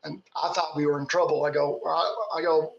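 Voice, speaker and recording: A man's voice: fairly high pitch, fairly quick, creaky, roomy sound, lo-fi sound. A man from Kentucky, a Bigfoot researcher, telling folksy stories with laughs in casual talk. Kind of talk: casual storytelling.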